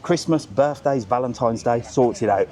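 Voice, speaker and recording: A man's voice: medium pitch, normal speed, darkish tone. A middle-aged man vlogging as he walks outdoors, chatty and ranting, swearing freely. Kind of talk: casual walking vlog. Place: outdoors at a seaside market town.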